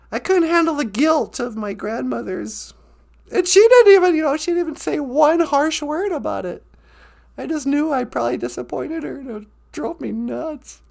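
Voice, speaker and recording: Woman host spinning a funny story, high lively voice, bit of gravel, laughs a lot. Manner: chatty, laughs a lot, acts out quotes. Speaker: podcast host. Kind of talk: comic storytelling. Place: outdoors by a lake.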